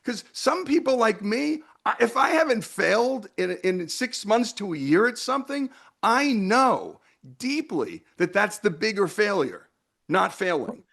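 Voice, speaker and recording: A man's voice: high-pitched, very animated, a little slow, creaky, fairly bright tone. An American man speaking as a podcast guest, emphatic and repeating words for stress. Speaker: radio show host, guest. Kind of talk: casual podcast conversation.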